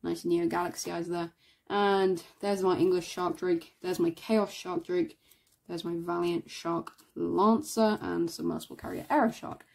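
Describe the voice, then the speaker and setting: A woman giving casual showcase commentary as a collector, reading out items one by one in a relaxed, offhand way. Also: fairly low pitch, a little slow, creaky. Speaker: card collector showing a binder.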